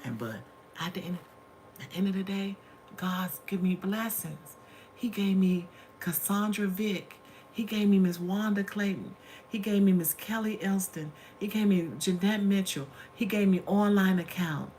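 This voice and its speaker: A woman's voice: medium pitch, measured pace, a little mellow, a little hiss or hum. A middle-aged woman hosting a casual livestream from home, telling stories in a chatty way and calling her viewers honey and y'all. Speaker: livestream host.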